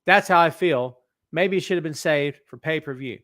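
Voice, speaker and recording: Animated joking male wrestling show host. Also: on the high side, moderate pace. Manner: animated, joking, reads viewer comments aloud. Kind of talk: live-stream chat with viewers. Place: office. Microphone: podcast microphone setup.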